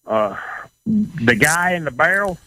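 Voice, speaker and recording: A man's voice: on the high side, big pitch swings, slow pace, pushed and bright, no room sound, low-quality recording. A man with a Southern accent, a former bull rider talking as a guest on a talk show, blunt and profane, often repeating himself. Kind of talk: casual talk show chat.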